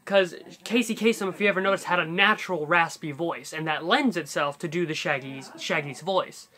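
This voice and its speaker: A man's voice: on the high side, brisk, sharp tone, a little hiss or hum. A man hosting a casual voice-impression tutorial, talking in a rambling way with fillers and restarts. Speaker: YouTube voice tutorial host.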